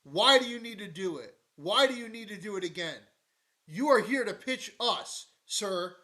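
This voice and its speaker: Man, streamer-commentator, high voice, profane rants, mocking and chatty with his audience. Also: lively intonation, normal speed, pushed and bright. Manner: swinging between mocking rants and low mutters, heavy swearing. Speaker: live-stream news commentator.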